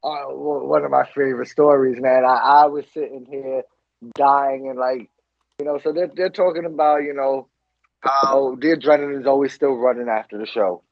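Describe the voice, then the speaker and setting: A man co-hosting a podcast, telling a story in an animated way and laughing often. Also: mid-range voice, normal speed, gravelly, dry recording, lo-fi sound. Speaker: podcast co-host. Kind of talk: casual chat.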